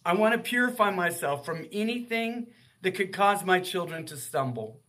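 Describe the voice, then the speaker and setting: A man's voice: high voice, animated, moderate pace, sharp tone. A man in his sixties, a guest author in a faith-based radio interview, talking in an earnest, heartfelt way.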